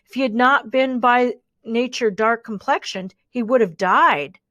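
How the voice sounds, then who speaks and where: A woman voicing a calm, capable healer woman in a storybook reading. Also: fairly high pitch, measured pace, no room sound, dull audio.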